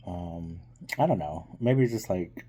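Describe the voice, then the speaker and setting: A man's voice: low-pitched, animated, unhurried, dark tone, breathy edge. A man giving a casual, hesitant movie review on his vlog, full of ums, while still getting over being sick.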